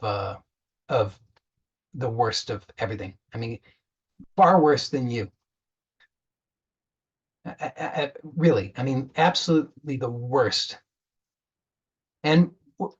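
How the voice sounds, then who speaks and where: A man's voice: medium pitch, breathy edge, dull audio. A man giving a spiritual talk as a coach, earnest, often repeating words and restarting as he retells a parable.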